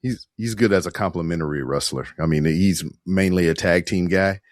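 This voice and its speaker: A man's voice: low voice, brisk, no echo, studio quality. A man co-hosting a casual wrestling podcast who laughs a lot and throws in jokey asides. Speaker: podcast co-host.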